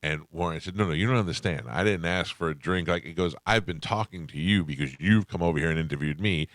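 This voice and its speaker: A radio host telling a story in casual chat, acting out the people in it. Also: male voice, low voice, fast, no room sound, studio quality. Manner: animated, acts out quoted voices.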